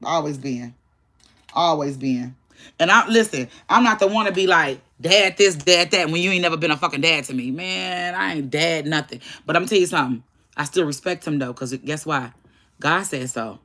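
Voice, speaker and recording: A woman, talking straight to her viewers. She is animated and blunt, cursing freely, and her voice comes out bright and forceful. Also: sits low, moderate pace. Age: 40s. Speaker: vlogger telling a family story. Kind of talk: casual storytelling to viewers.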